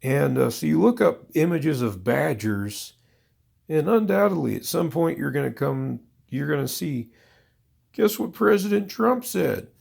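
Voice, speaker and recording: A man's voice: on the high side, animated, measured pace, creaky, a little mellow, breathy edge. A man delivering a profane, exasperated, rambling comedic rant to his viewers. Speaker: vlogger.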